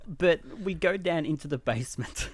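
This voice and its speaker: A man's voice: fairly high pitch, normal speed, slight background noise. Chatty man telling a ghost story. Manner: animated storytelling with filler words. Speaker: podcast co-host. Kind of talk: casual chat.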